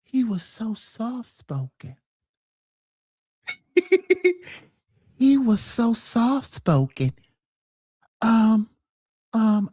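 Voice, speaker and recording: Woman putting on a shy soft male pop star voice, hushed, stammery, slow. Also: on the high side, no room sound, clean studio sound, full character voice. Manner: hushed, breathy, halting with stammers.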